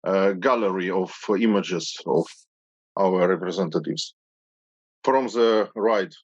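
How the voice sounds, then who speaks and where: A man with a Ukrainian accent chairs an online session in a low voice, groping for his words and filling the pauses. His speech comes slowly. The call audio is dull and dry, with no room sound around him. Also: slightly rough, no room sound. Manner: searching for words, hesitant. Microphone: video call.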